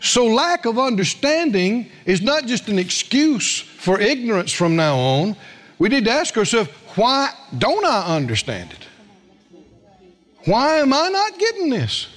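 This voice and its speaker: A male pastor preaches a sermon over soft background music, telling stories with acted-out quoted voices and asking the congregation questions. His voice is very high-pitched, a bit bright, and unhurried, with wildly swooping pitch.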